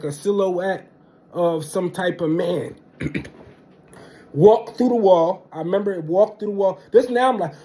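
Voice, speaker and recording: A young man telling a casual storytime monologue, animated and slangy, punctuating with "boom" and "bang".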